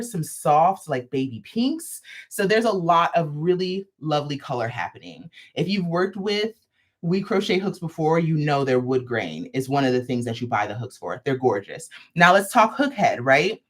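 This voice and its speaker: Animated, sassy woman hosting a livestream. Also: deep voice, normal speed. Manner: playful, sassy asides. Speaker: host of a crochet livestream. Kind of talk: live product demo chat.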